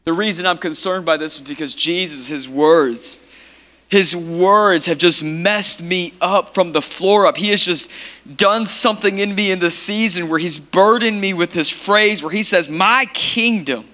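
A man preaching a sermon as pastor of his church, impassioned and repetitive, building to shouted peaks. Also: high-pitched, unhurried.

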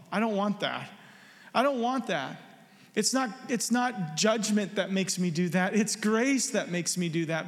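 A man preaching a sermon as pastor, earnest and repeating his words, with soft asides. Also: high-pitched, long reverb tail. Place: church.

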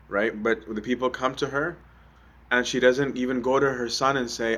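A man's voice: mid-range voice, steady tone, moderate pace, a bit bright. A young adult man giving a conversational sermon, often asking "right?" with many ums. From Egypt. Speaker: preacher.

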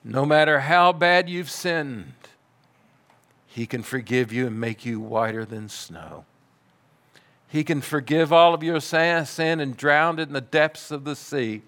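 A man preaching a sermon, telling a story in a measured way and dropping to soft, quiet passages. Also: fairly high pitch, animated. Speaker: pastor.

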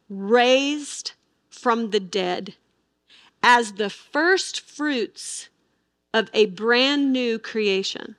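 A woman's voice: fairly high pitch, a bit bright, no room sound, studio quality. A middle-aged woman teaching the Bible with emphasis, asking her listeners rhetorical questions.

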